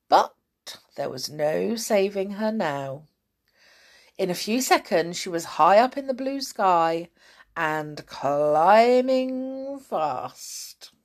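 A woman narrating a children's story aloud in an expressive, dramatic storytelling manner. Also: medium pitch.

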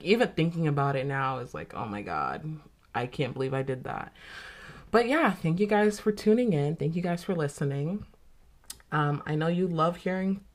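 A young woman hosting a podcast, telling a personal story in a candid, casual way with plenty of swearing and fillers. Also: low voice. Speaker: podcast host.

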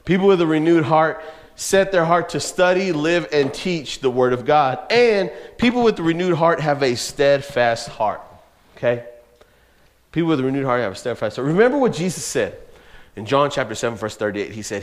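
A man's voice: medium pitch, moderate pace. A young man preaching to teenagers, telling a story with casual slang and laughter. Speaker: youth pastor. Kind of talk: youth sermon with personal story.

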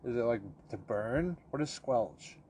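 A young man in casual chat as a podcast co-host, joking and laid-back, often trailing off quietly. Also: mid-range voice, lively intonation, measured pace, a little hiss or hum.

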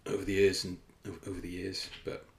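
Brief: male fitness coach, solo podcast, deep voice, rambling and self-conscious, echoey room. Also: completely flat delivery, brisk. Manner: rambling and self-conscious, with frequent fillers and swearing. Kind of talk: casual solo podcast chat. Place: room indoors, filming himself. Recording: roomy echo.

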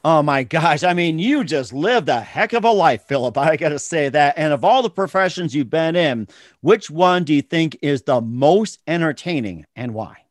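Brief: male host, playful and reactive, slightly high voice. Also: lively intonation, normal speed, no room sound, clean studio sound. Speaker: interview host. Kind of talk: casual interview chat.

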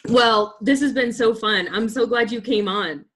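A woman host with a bright, somewhat high voice chats enthusiastically with her guest. She laughs easily and tells lively workplace stories. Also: a little slow. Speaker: podcast host. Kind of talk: casual interview chat.

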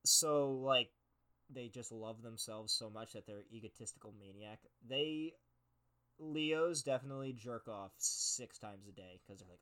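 A man's voice: mid-range voice, unhurried, bright, forceful tone, clean tone. A young man hosting a casual podcast, reading horoscope text aloud and mocking it with profane, sarcastic asides. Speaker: podcast host. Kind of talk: casual comedic commentary.

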